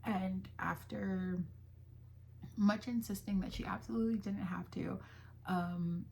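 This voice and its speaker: A woman's voice: mid-range voice, fairly even intonation, measured pace, vocal fry, darkish tone, a little hiss or hum. A young woman vlogging about her crochet business in a chatty, casual way, full of fillers and retold conversations. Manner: chatty, with fillers and quoted dialogue. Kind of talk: casual chat.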